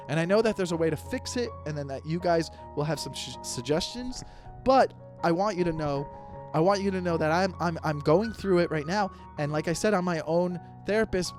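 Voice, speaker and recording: A man in his thirties hosting a solo podcast, ranting in an exasperated, comedic way and often restarting his sentences. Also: a little high. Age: 30s. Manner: animated, exasperated, repeats and restarts himself. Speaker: podcast host.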